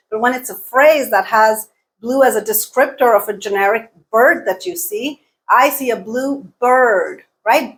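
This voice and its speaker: A woman teaching an online English pronunciation lesson, speaking clearly and deliberately, modelling words by repeating them and checking in often with "okay?". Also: fairly high pitch, rough recording.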